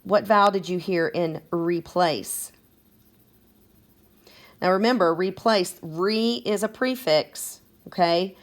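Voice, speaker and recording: Patient teacher lady, low-ish voice, talks real slow and sounds words out for little kids. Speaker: second grade teacher. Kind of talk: phonics lesson for children.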